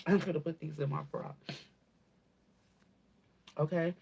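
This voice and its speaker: A woman's voice: low voice, steady tone, unhurried, creaky, mellow, slight background noise. A woman giving a channeled spiritual reading to her viewers, talking casually and bluntly, swearing, calling listeners baby and often asking "okay?". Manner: emphatic, repeats and asks "okay?". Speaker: spiritual reader.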